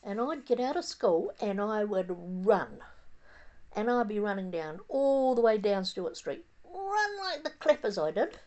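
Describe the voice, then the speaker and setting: An older woman from New Zealand with a New Zealand accent, reminiscing in a casual, rambling monologue outdoors on a windy day, halting often with fillers and restarts. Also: medium pitch, sing-song, darkish tone, highs cut off. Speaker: vlogger.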